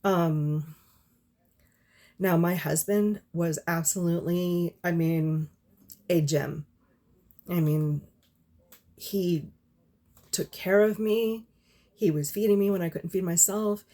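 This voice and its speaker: A woman telling her own story to camera from home, candid and halting, with many fillers and blunt swearing. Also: on the low side, fairly even intonation, mellow. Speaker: vlogger. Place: home with doors and windows open, windy.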